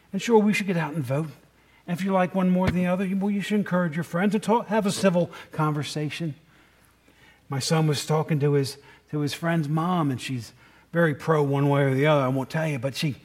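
A middle-aged pastor with a slightly high, somewhat mellow voice delivers a conversational sermon, frequently posing questions to the congregation.

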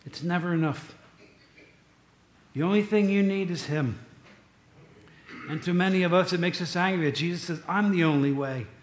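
A man's voice: sits high, moderate pace, pauses often, roomy sound, a little hiss or hum. A man preaching a sermon, telling stories in a loose, conversational way with asides to the congregation. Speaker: pastor.

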